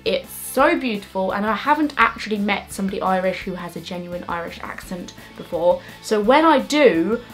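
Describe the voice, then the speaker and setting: Chatty woman vlogging. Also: fairly high pitch. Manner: chatty and self-mocking, with quick joking asides. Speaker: YouTuber answering viewer questions. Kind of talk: casual Q&A vlog to camera.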